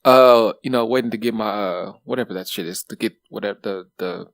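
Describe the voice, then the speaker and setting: Animated, swearing man telling stories. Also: on the low side, a little fast, creaky, dry recording. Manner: animated, swears freely, lots of fillers. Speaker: podcast co-host. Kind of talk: casual chat, storytelling.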